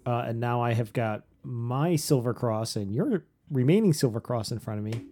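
A woman podcast cohost chatting casually, speaking slowly and deliberately. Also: rumbling low, animated, warm tone. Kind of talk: casual chat.

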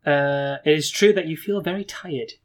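A man reading a fantasy gamebook aloud and hosting the playthrough, with asides and stumbles. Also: sits high. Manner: brisk narration with stumbles and asides. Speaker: gamebook reader and host.

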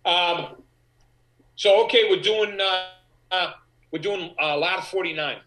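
A middle-aged man, an actor guest, telling animated anecdotes in an interview and acting out the voices of the people in them. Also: a little high, poor audio. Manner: animated, acts out quoted voices. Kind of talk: anecdotal storytelling.

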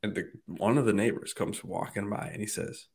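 A man with a voice sitting a touch low tells a long story in a loose, chatty way. He acts out the other people's lines as he goes and swears without a second thought. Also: steady tone, brisk, slightly rough. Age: adult, married. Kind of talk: casual storytelling chat.

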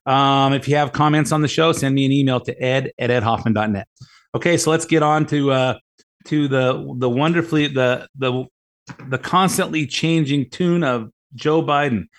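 A man's voice: mid-range voice, normal speed. A middle-aged man hosting a talk radio show, rambling in a casual monologue, often repeating words and retelling conversations with emphasis. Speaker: radio show host and mortgage lender.

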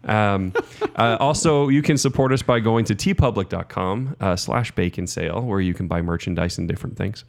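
A man's voice: lowish voice, moderate pace, vocal fry. A man casually bantering as a returning guest on a podcast, joking and slipping into silly voices.

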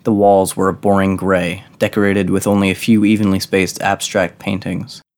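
A man narrating an audiobook in a measured, even reading. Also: sits low.

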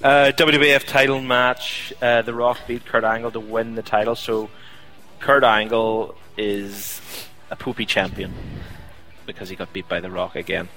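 A man's voice: on the low side, steady tone, moderate pace, pushed and bright, soft background music, low-quality recording. A man co-hosting a casual chat show, talking in a rambling way with many fillers. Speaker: podcast co-host.

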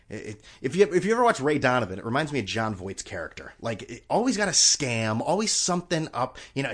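A male podcast host talking on his own in a loose, rambling rant, sarcastic and liberal with swearing. His pitch moves a lot, and his delivery is animated. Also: fast, hardly any pauses. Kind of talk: casual solo podcast rant.

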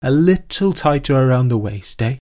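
A man voicing a fawning male tailor who speaks in a slow, solemn, coaxing way in a read-aloud period scene. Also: medium pitch, expressive, a little mellow, lightly acted.

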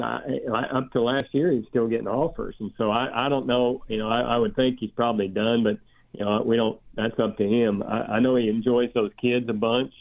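Older man rambling over a phone line. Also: medium pitch. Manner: rambling, halting, many restarts and fillers. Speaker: guest, baseball coach. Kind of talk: casual phone interview.

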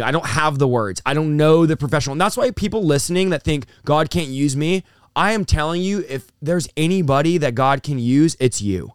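A man's voice: a little high, expressive, fairly quick, clear, resonant tone, no room sound, studio quality. A young adult man, a pastor, giving an emotional testimony in an interview, intense and vivid as he acts out what was said. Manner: intense, storytelling with acted-out quotes. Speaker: pastor and guest.

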